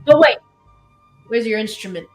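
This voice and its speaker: A woman voicing a gruff male bouncer who guards a tavern door, brusque and clipped. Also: a little high, expressive, normal speed, darkish tone, soft background music, natural voice.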